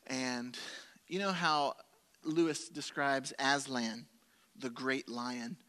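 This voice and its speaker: A male pastor preaching a sermon, telling a personal story with animated quoted asides and humor. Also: medium pitch, slow pace.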